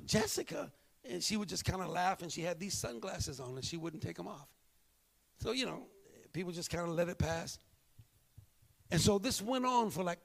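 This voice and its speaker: A male pastor preaching a sermon, telling a story and moving between hushed, slow moments and emphatic bursts. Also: high voice, gravelly.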